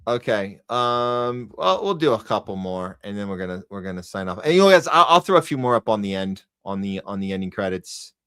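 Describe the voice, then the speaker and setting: Male live-podcast host, sarcastic ranter, sharp bright tone. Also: lowish voice, lively intonation, fairly quick, few pauses, clear, resonant tone. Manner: ranting, sarcastic, heated; talks to a chat audience. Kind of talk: live news commentary podcast.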